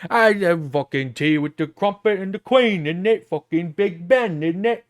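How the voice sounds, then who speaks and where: A man's voice: high-pitched, expressive, moderate pace, dry recording, clean studio sound. A man putting on a silly stereotyped posh British voice, exaggerated and jokey, with a mock British accent.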